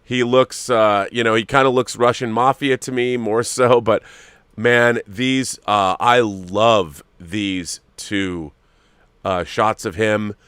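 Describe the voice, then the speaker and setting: A man's voice: on the low side, steady tone, slow pace, fairly bright tone, clear, resonant tone, dry recording. A man hosting a casual chat, musing and hesitant as he talks, with plenty of fillers. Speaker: host. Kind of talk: casual chat reviewing collectible figures.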